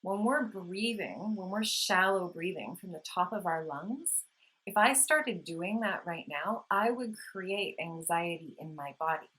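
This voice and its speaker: A woman vlogger gently explaining calming practices in a soothing, unhurried talk, with audible sighs when she demonstrates breathing. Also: lowish voice, poor audio. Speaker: wellness vlogger. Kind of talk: casual instructional talk.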